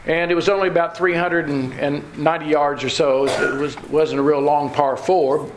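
Male preacher, homespun chuckling storyteller, high voice, echoey room with faint hiss. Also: little pitch movement, normal speed. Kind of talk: sermon with folksy storytelling. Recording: roomy hall with faint ambience.

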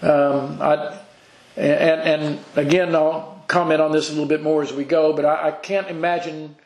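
Male preacher, higher-pitched voice, earnest and halting with frequent restarts; sermon recorded in an echoey church hall. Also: level tone. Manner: earnest, halting with repeated restarts, reads scripture aloud. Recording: echoey room.

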